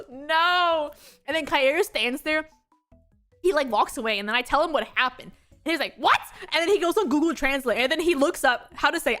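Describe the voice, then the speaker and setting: A young woman VTuber chatting casually on stream, telling stories in an animated way with lots of laughter. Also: high voice, moderate pace, faint music behind. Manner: animated storytelling with frequent laughter.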